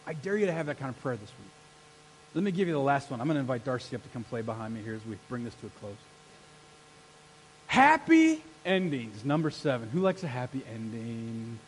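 A man preaching a sermon as pastor, energetic and rallying his congregation to answer back. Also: medium pitch, slight background noise, poor audio. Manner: energetic, rallies the congregation with call-and-response. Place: church sanctuary.

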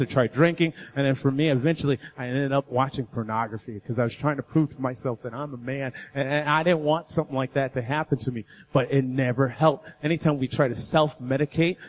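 A man's voice: mid-range voice, darkish tone, rough recording. Earnest man preaching a testimony. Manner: earnest, storytelling, builds in intensity. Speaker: guest speaker. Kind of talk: personal testimony sermon.

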